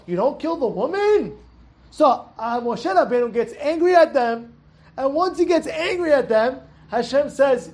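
A man's voice: extremely high pitch, animated, unhurried, a little mellow. A man giving an informal Torah lesson, full of rhetorical questions and repeated, restarted words. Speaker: Torah teacher.

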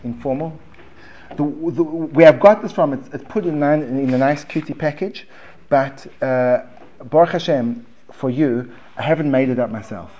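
A man with a South African accent teaching a Talmud class in a relaxed, conversational way, restarting phrases and checking in with his students. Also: medium pitch, normal speed, muffled recording. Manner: conversational, repeats words and restarts, asks the room questions. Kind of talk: informal classroom lecture. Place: basement classroom.

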